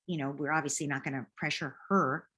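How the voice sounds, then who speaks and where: A woman answering a parent's question as a parenting coach, gently modeling what to say to children. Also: sits low, steady tone, a little fast. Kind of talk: advice in a live Q&A.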